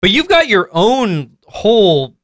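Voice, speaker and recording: A man's voice: high-pitched, big pitch swings, takes it slowly, fairly bright tone, no room sound, clean studio sound. A man in his thirties co-hosting a podcast in casual chat, laughing often and joking crudely. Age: 30s. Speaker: podcast co-host.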